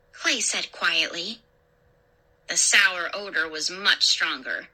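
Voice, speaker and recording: A woman storyteller reading a first-person horror story in a dramatic, expressive way. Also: fairly low pitch, slow pace. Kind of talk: scripted horror story narration.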